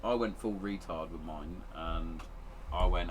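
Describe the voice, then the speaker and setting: A man's voice: deep voice, unhurried, a little hiss or hum. A man hosting a podcast from his shed, speaking frankly and emotionally about hard times, with plenty of swearing. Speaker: podcast host. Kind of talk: candid casual chat. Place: home shed.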